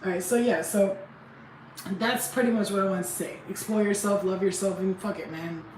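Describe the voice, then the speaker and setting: A woman's voice: medium pitch, moderate pace, recorded from a distance. A blunt, profane woman chats to her viewers on a casual livestream. She laughs often and acts out what other people said. She sits well back from the mic in a roomy, echoing space with a faint hum behind her. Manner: animated, acts out quotes. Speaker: spiritual healing vlogger.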